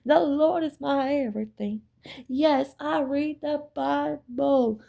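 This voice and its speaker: A woman's voice: sits high, slow pace, gravelly, warm tone, voice pushed up, full character voice. A woman voicing a fake-pious church-going woman in a sweet, saccharine, mocking tone. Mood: sugary.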